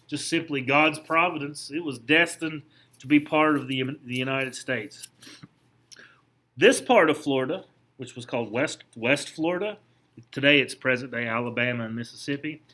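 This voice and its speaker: A man's voice: medium pitch, sharp tone. A man teaching a history class, lecturing conversationally and asking his students questions as he points things out. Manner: conversational, asks the class questions, frequent restarts.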